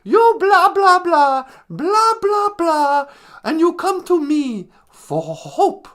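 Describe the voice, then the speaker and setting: A man putting on a shrill, wailing young activist girl. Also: big pitch swings, slow, a bit bright, full character voice. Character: whiny tearful young female climate activist.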